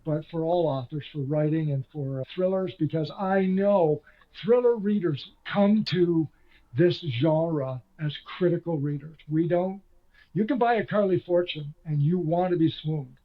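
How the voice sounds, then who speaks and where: A man's voice: fairly high pitch, a little slow, muffled recording. An older man, a former radio host and author, chatting in an interview in a self-deprecating storytelling way. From Canada. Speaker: author guest. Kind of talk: conversational interview.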